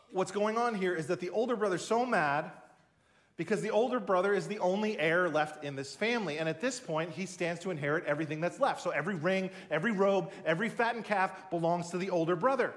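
A man's voice: high-pitched, a bit bright. A man preaching a sermon, explaining a passage with emphatic, conversational storytelling.

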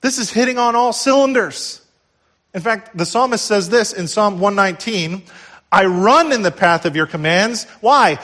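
Man preaching with loud and hushed swings. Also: lively intonation, moderate pace. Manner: dynamic preaching, swinging from loud emphatic peaks to hushed, tender lows. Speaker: pastor. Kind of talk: sermon.

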